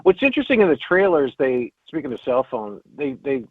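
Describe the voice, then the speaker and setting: A man's voice: mid-range voice, sing-song, brisk, slightly rough, dry recording. A man chatting casually as a guest co-host, joking and rambling. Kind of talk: casual chat. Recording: tinny phone-line sound.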